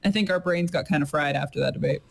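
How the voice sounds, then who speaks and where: A woman's voice: low voice, fast talker, creaky. A woman co-hosting a casual fan podcast, chatty and enthusiastic with many likes. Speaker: podcast co-host.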